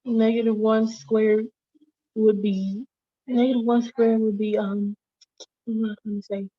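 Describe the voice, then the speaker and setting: A woman's voice: fairly high pitch, little pitch movement, unhurried. A woman student answers questions in an online math lesson, hesitant and thinking aloud as she works. Her audio sounds dull and lo-fi.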